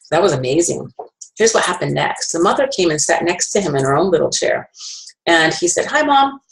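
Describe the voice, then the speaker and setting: Chatty woman telling a story, lowish voice. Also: expressive, a little fast, vocal fry, poor audio. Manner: chatty, storytelling, with fillers and self-corrections. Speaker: essential oil presenter. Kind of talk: casual storytelling presentation.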